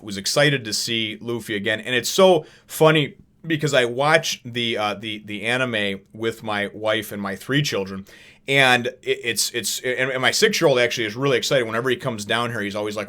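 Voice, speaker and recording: A man's voice: medium pitch, sharp tone. A man in his thirties hosting a casual review chat from home, enthusiastic and rambling, restarting his sentences and acting out quotes. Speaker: host of a comic review channel.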